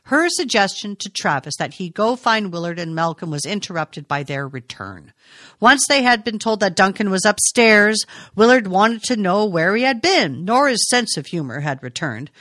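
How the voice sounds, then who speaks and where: A woman narrating a novel aloud in a measured, expressive way. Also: lowish voice, no echo, clean studio sound. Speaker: audiobook reader.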